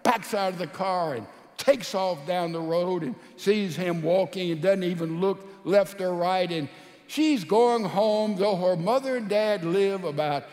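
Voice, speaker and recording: A male preacher with a high voice delivers a sermon. He tells a story, his voice swinging from loud to hushed. Long reverb trails his words around a large hall. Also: a little slow.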